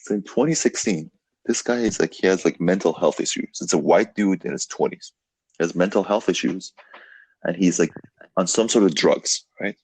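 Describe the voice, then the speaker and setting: A young man hosting a casual podcast chat, telling a story in an animated way, full of "like" and "dude". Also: low-pitched, moderate pace, slightly rough. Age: young adult. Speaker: podcast host.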